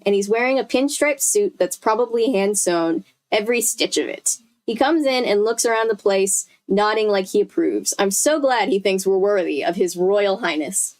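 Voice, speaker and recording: A woman's voice: medium pitch, animated, moderate pace, few pauses, a little mellow. Chatty young woman reading aloud. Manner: chatty, with self-corrections and asides to chat. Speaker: streamer reading a book aloud. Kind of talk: casual live read-aloud.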